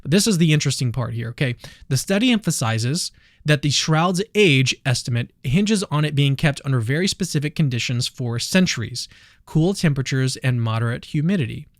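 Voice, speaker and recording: A man's voice: medium pitch, expressive, brisk, dry recording, clean studio sound. A man hosting a channel, reading a paper summary aloud in a casual commentary style, with self-deprecating asides. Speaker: channel host.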